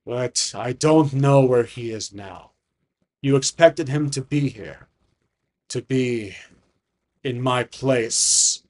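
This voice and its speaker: A man voicing an ancient, dying male dragon who speaks slowly and gravely in a tabletop game. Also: medium pitch, darkish tone. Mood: weary, grave. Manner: slow, grave, measured speech.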